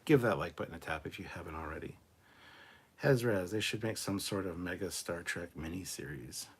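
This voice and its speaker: A man hosting a casual livestream, reading viewer comments aloud and answering them in a relaxed, off-the-cuff way, swearing freely. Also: low-pitched, fairly quick, slightly rough. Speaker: livestream host reading chat. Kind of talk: casual live chat.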